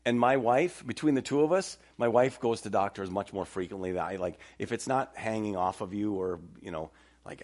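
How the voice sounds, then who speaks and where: Middle-aged male pastor, animated storytelling sermon, casual banter with the congregation. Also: on the low side, moderate pace.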